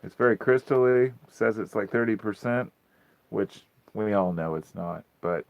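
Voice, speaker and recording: A man with a low, gravelly voice chats loosely on a phone livestream, wandering from story to story and swearing freely. The sound is dull and lo-fi, close and dry with no room echo. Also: normal speed. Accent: US Pacific Northwest. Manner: rambling storytelling, frequent swearing. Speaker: livestream host. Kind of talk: casual livestream chat.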